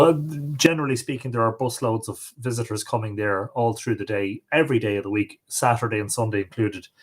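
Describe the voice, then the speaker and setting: A middle-aged man with an Irish accent hosting a live stream, reading out viewers' comments and greeting each one by name. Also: mid-range voice. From Ireland. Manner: friendly, reads comments aloud.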